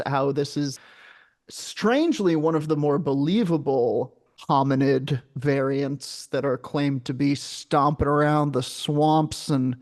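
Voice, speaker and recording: Guy hosting a comedy podcast, kinda high voice, reading stuff out and goofing around. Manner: jokey, riffing asides while reading. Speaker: podcast host. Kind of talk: comic podcast banter, reading sighting reports aloud.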